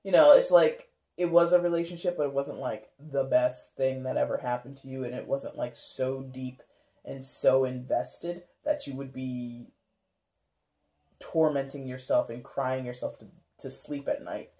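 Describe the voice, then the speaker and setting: A tarot reader talks through a casual reading for viewers with a mellow, warm voice. The talk rambles, full of "like" and "kinda", with frequent laughs and playful act-outs of how viewers might feel. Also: medium pitch, flat delivery, a little slow. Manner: laughs often, acts out viewers' reactions.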